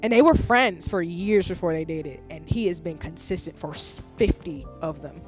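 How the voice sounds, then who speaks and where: A woman in her thirties, a livestreamer with a low-leaning, slightly mellow voice, chats casually on her stream at a normal speed. Her delivery is rambling and candid, she swears freely and wanders off on long tangents, and faint music plays beneath her voice.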